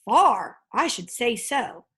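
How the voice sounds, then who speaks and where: A woman reading aloud, voicing a very old male seagull with a croaky, matter-of-fact manner. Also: fairly high pitch, big pitch swings, takes it slowly, pushed and bright, exaggerated voice. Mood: offhand.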